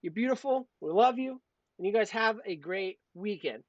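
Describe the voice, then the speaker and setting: A man's voice: sits high, animated, moderate pace, dry recording. Crude joking male streamer. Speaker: co-host. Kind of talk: casual livestream chat. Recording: dull lo-fi stream audio.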